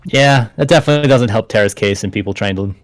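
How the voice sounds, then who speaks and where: A man chatting casually on a game stream, relaxed, giving gameplay tips. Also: lowish voice, quick pace, no room sound, soft background music. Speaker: stream co-host. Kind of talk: casual chat during gameplay.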